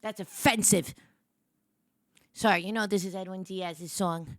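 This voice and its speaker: Bright-voiced animated woman streamer. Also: mid-range voice, normal speed, no echo, clean studio sound. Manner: animated, swings from soft murmurs to excited squeals. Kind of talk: casual livestream chat.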